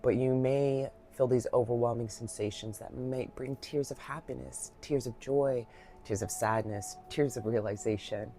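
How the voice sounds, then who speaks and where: A woman giving a reflective guided Reiki talk, soft-spoken, heartfelt and rambling, with many fillers, a little emotional. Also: rumbling low, steady tone, normal speed, a little hiss or hum. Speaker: Reiki practitioner.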